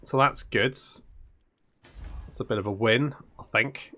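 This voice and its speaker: A man's voice: mid-range voice, takes it slowly, sharp tone. A man hosting a strategy game let's play, commenting as he plays, given to swearing and exasperated outbursts. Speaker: gaming channel host.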